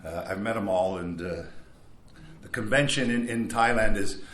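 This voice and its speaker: A man's voice: on the low side, normal speed, a bit bright, a little hiss or hum. An older man sharing his recovery story at a meeting in a rambling, casual way, with wry asides. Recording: echoey room, faint background.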